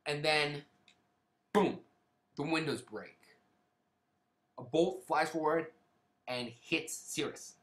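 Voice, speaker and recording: Male reviewer, slightly high voice, loose rambling recap with restarts, echoey room. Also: takes it slowly, long pauses, fairly bright tone. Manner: rambling, with frequent restarts and hedging asides. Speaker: book reviewer. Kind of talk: casual spoken plot summary.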